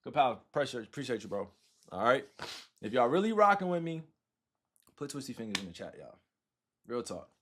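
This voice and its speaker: A man's voice: mid-range voice, big pitch swings, brisk, long pauses, a bit bright. A man in his thirties casually talking to his livestream chat, loose and repetitive, often tagging his sentences with "right?" and "all right?".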